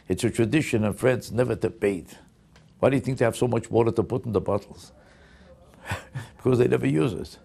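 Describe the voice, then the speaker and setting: An older man holds forth in a comic rant, firing off one incredulous rhetorical question after another. His voice has a gravelly, crackly edge, sitting at an ordinary middle pitch. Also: a little mellow. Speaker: comedian. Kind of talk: stand-up style comic rant to camera.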